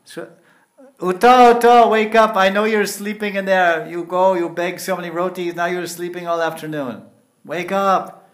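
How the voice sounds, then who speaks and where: A man voicing a band of teasing young divine cowherd boys yelling at a sleepy old hermit's door, in a sermon story. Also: high-pitched, big pitch swings, slow, vocal fry, voice pushed up, exaggerated voice. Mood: taunting.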